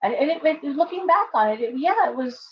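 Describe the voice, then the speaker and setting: The recording has its highs cut off. A woman with a high-pitched, expressive voice speaks fairly quickly. She hosts a casual tarot-reading livestream, reading viewer comments aloud in an earnest, rambling way with many fillers and restarts.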